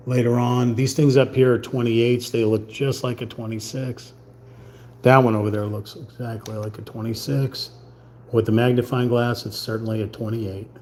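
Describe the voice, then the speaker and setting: A man giving casual running commentary while painting on a live stream. He mutters quietly to himself and thinks aloud as he works. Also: medium pitch.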